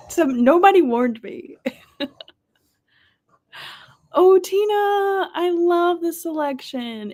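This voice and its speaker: A woman with a fairly high voice hosts a live reading-sprint stream, chatting casually and reading viewers' messages aloud. She laughs often and sometimes drops into a soft whisper.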